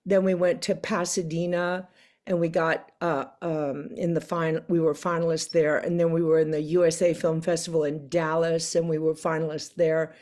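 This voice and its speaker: An older woman as an interview guest, telling a story in casual chat, animated and acting out the voices she quotes with frequent laughs. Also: sits low, moderate pace.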